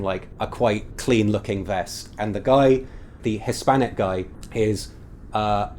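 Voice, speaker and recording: Low-voiced man narrating a tabletop game. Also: darkish tone, slight background noise. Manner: descriptive, hesitant with fillers. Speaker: game master.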